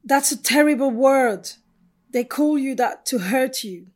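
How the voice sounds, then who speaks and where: A woman's voice: high voice, measured pace, darkish tone, voice pushed up. Woman narrator doing a passionate young woman, emotional and emphatic, audiobook character. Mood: angry.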